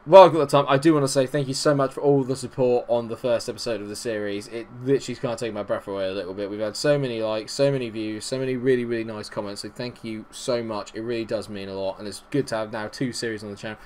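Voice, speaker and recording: Excitable young man gaming. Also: fast, hardly any pauses, a little hiss or hum. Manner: excitable, jumps to high, loud bursts of glee; chatty and self-mocking. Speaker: gaming YouTuber. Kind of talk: let's-play commentary.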